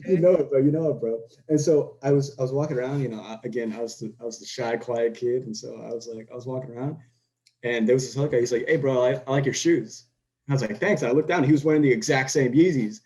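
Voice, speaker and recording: A young man from Houston talks as a podcast guest, winding through his story with frequent restarts. He acts out back-and-forth dialogue as he goes. His voice sits at an ordinary middle pitch. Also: fast, warm tone, rough recording. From Houston, Texas. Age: young adult. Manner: rambling with many restarts and quoted dialogue. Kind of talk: casual storytelling chat.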